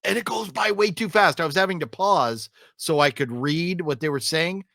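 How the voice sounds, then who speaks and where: A man reviewing films in a loose, casual podcast chat, his voice pitched a little higher than usual for a man. He rambles through fillers and restarts and gripes with emphatic exasperation. The sound is close and dry, with no room in it. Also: moderate pace, creaky, sharp tone, dry recording.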